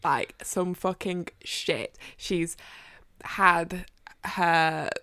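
A young woman co-hosting a podcast, chatting casually and excitably about a book, swearing freely and acting out her reactions. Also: fairly low pitch, drawn-out words, dry recording, clean studio sound. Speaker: podcast co-host.

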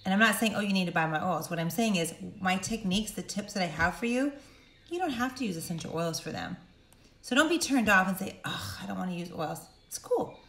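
A middle-aged woman coaching viewers directly, emphatic and animated, acting out quotes in sudden high voices. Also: fairly quick, roomy sound. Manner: animated, emphatic, acts out quotes with big pitch jumps. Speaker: speaker and coach. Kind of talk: direct-to-camera talk.

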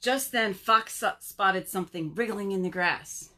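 A woman, a children's librarian, reading a story aloud at home for a virtual storytime, expressive and talking directly to the kids. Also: medium pitch, a little slow.

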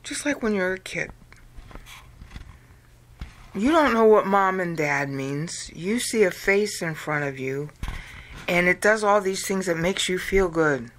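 A woman from the United States talks viewers through an idea at a very slow, unhurried pace, stretching words out and counting things off aloud. Her voice sits low for a woman. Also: lively intonation. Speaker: video lecturer. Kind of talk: explanatory talk.

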